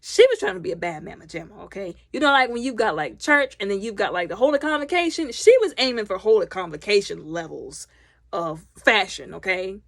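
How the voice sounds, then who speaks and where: A woman recapping a film loudly and animatedly, acting out the characters' lines. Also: medium pitch, big pitch swings, brisk, gravelly, dry recording, studio quality. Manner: loud. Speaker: movie reviewer. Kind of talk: casual movie recap.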